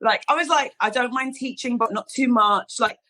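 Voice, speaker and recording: Animated London woman telling stories. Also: a little high, normal speed, low-quality recording. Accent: London English. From England. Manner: animated, acts out quoted people in her stories. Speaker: guest, hairdresser and salon founder. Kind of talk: casual interview storytelling.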